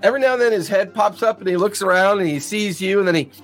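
High-voiced man narrating a tabletop game. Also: quick pace, soft background music. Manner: lively, laughing narration. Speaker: game master.

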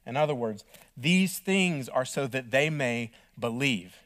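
Male pastor, mid-pitched voice, sermon delivery with dramatic shifts between loud and soft. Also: lively intonation, unhurried. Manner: reads scripture aloud, dramatic swings in loudness and pace.

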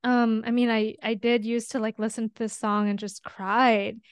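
A young adult woman, a pharmacist co-hosting a podcast, talking in a casual, earnest way and quick to get emotional. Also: on the high side, flat delivery, clear, resonant tone, no echo, clean studio sound.

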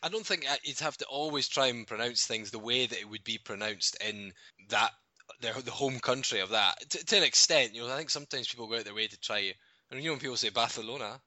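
A man's voice: medium pitch, quick pace, sharp tone, no echo. A Scottish man co-hosting a casual football podcast, rambling with restarts and laughing often. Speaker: podcast co-host. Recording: dull lo-fi audio.

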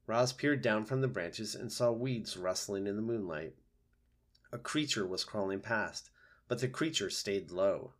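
A man reading a children's book aloud with steady, gentle storytelling. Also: on the low side. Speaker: narrator.

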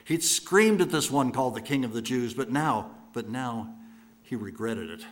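A man preaching, retelling stories dramatically with rhetorical repetition, moving between loud bursts and hushed lines. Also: mid-range voice, animated, moderate pace, slight background noise. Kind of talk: dramatic sermon storytelling.

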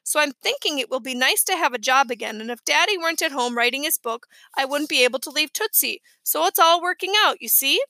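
Casting: woman reading a firm, sensible storybook mom, high and bright, dry close sound. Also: animated, a little fast, hardly any pauses, dry recording, heavily acted. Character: mother, firm and practical.

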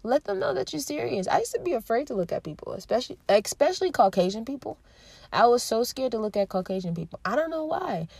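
A woman in her thirties hosting a podcast, talking alone in an earnest, heartfelt way with pauses and restarts. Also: fairly high pitch, very animated, darkish tone, breathy edge, no room sound. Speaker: podcast host. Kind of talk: reflective solo monologue.

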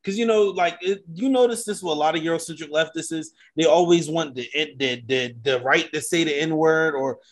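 A man talking in a casual discussion, animated and full of restarts. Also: fairly high pitch, moderate pace, few pauses. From United States. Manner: animated, many restarts and fillers. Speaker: panelist.

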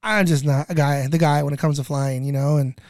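A man's voice: on the high side, steady tone, brisk, darkish tone, no room sound, clean studio sound. A man in his thirties telling stories from relief work in a casual chat, rambling with lots of fillers and swearing. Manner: rambling, many "you know" fillers, swears. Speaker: guest, disaster relief cook.

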